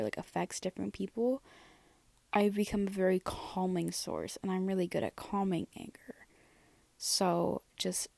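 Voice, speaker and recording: A woman's voice: on the low side, creaky, a little mellow, no room sound. A tired young woman hosting a casual personal podcast, chatty and rambling with lots of fillers and restarts. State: tired, yawning. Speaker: podcast host.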